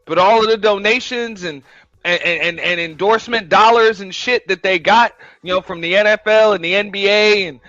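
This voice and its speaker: A man's voice: sits high, moderate pace, bright, forceful tone, no echo. A man hosting a show, giving a blunt, profane, emphatic rant in casual talk. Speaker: host. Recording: dull lo-fi, dry sound.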